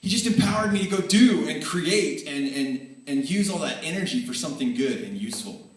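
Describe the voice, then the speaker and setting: A man giving a tribute speech at a banquet, telling energetic, animated stories that swing between excited and earnest. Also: fairly high pitch, a little fast. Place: large banquet hall. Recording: echoey hall, voice from far off.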